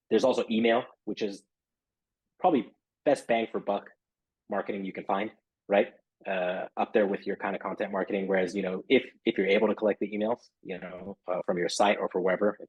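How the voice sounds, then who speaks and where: A man's voice: lowish voice, breathy edge, no room sound, muffled recording. A man talking casually as a guest in an interview, rambling and filling his talk with "you know" and "right?". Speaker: podcast guest, SEO marketer.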